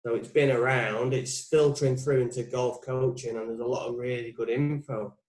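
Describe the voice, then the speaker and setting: A man's voice: mid-range voice, fairly even intonation, normal speed, darkish tone. A man in his forties, a putting coach being interviewed, talking casually and reflectively, thinking aloud with frequent restarts. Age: 40s. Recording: roomy, echoey sound.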